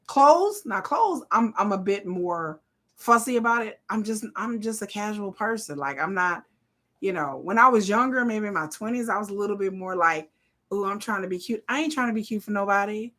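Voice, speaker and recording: Blunt, bright-voiced woman streamer. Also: mid-range voice, normal speed. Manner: blunt, profane, animated, laughs often. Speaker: live-stream host. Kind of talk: casual commentary on a TV episode.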